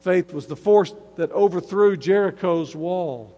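A man's voice: sits high, a little slow, warm tone, long reverb tail. A man preaching a sermon, emphatic and earnest, often restarting his phrases as he builds a point. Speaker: pastor.

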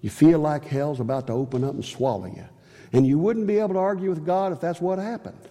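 A man delivers a sermon in a church, his voice mellow and warm yet pitched a little high for a man. He is earnest, lifting sharply on key phrases and sinking low and soft on others. The sound carries a long reverb from the hall. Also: quick pace. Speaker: preacher.

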